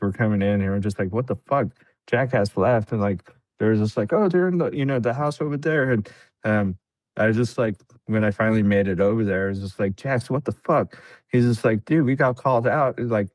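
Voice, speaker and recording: Man, lowish voice, casual storytelling, laughs a lot, quotes people, dry sound. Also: darkish tone, dry recording. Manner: laid-back, laughs often, acts out quotes. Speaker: podcast guest, veteran.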